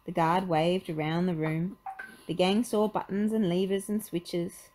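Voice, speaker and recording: A woman reading a children's picture book aloud in an expressive storytelling manner. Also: lowish voice, a little slow, slight background noise, poor audio.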